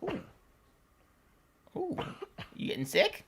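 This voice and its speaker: Speaking slowly, a woman hosts a reaction video about funny animal clips. She exclaims and coos at what she sees and laughs often.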